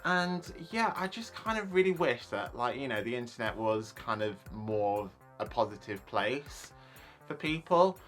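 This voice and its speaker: A man's voice: mid-range voice, sing-song, measured pace, fairly bright tone, faint music behind. A young man, ranting casually in a vlog, chatty and full of likes and you knows. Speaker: YouTuber.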